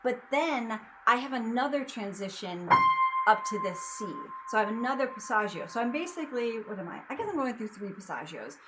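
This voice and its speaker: A woman's voice: fairly high pitch, expressive, brisk, over loud music, low-quality recording. A young adult woman teaching singing in a casual lesson, explaining in a loose, chatty way with lots of fillers. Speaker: vocal coach.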